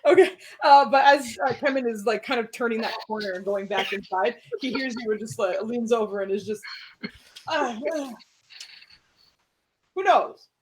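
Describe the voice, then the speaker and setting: A woman's voice: fairly high pitch, moderate pace, slight background noise. A woman running a tabletop role-playing game, narrating scenes and voicing characters in a chatty, casual way. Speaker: game master.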